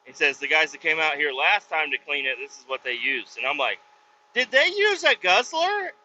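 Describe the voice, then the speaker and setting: A man casually telling a profane, animated story from inside his pickup truck with the windows down, recorded on a phone. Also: mid-range voice, brisk. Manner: profane, animated, acts out voices in retelling. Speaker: vlogger and truck driver. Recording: slightly dull lo-fi audio, faint road noise.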